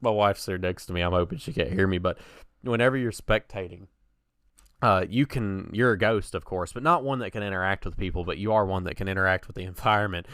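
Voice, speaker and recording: A man's voice: deep voice, brisk, a bit bright, clean tone, dry recording. A young man co-hosting a casual podcast, telling gaming stories in a chatty way and laughing at his own tales, on a close mic. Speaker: podcast co-host.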